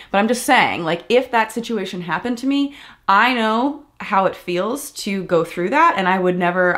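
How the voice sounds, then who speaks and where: A woman in her thirties giving casual reaction commentary on a video clip, animated and sarcastic, with exasperated asides. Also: fairly low pitch. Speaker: commentary vlogger.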